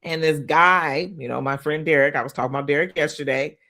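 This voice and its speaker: A woman business coach chats casually on a motivational live stream, addressing viewers directly and reading their comments aloud. Her low voice moves fairly quickly, and she's animated, with loud emphatic bursts between quieter asides.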